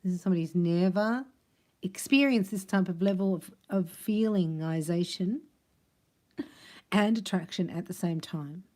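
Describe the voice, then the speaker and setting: Chatty woman reading tarot, mellow voice. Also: lowish voice, normal speed. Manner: chatty and playful, laughs often, drops to a near whisper. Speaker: tarot card reader. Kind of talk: casual tarot reading monologue.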